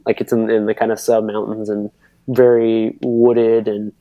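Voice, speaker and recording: A man in his thirties telling a racing story on a podcast, rambling and animated with lots of fillers and acted-out quotes. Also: fairly low pitch, measured pace, dry recording, lo-fi sound. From United States. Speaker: podcast guest, pro cyclocross racer. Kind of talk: casual storytelling.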